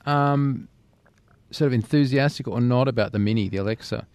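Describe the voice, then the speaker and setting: A man's voice: medium pitch, normal speed, darkish tone, no echo. A man co-hosting a podcast who keeps the casual chat moving with a string of curious questions. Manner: inquisitive, drives the talk with questions. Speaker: podcast co-host.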